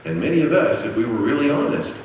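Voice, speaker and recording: A middle-aged man giving a Christian apologetics lecture at a conference, teaching in a steady way and asking rhetorical questions he then answers himself. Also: fairly high pitch, fast talker, slight background noise. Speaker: conference speaker. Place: conference hall. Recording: very echoey hall, distant mic, faint ambience.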